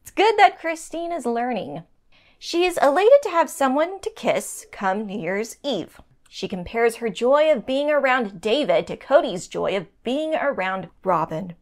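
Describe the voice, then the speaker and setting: A woman's voice: on the high side, expressive, a little slow. A woman co-hosting a recap podcast, reading a scripted summary with wry asides. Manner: wry, laughs between lines.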